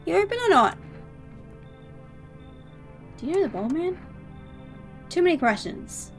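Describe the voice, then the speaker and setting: A woman's voice: very high-pitched, big pitch swings, unhurried, soft background music, heavily acted. A woman doing a curt dancer in broken English. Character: blunt foreign ballet dancer woman.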